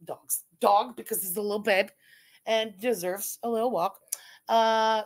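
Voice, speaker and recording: A woman hosting a livestream with casual commentary, giggling often and talking in a crude, mocking way. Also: on the high side. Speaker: livestream host.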